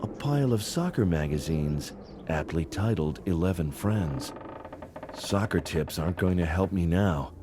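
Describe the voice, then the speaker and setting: A wry adventurer. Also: male voice, deep voice, expressive, unhurried, background noise. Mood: musing. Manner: dry, witty remarks. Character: wry, sardonic male adventurer. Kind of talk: video game voice acting. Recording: game music behind the voice.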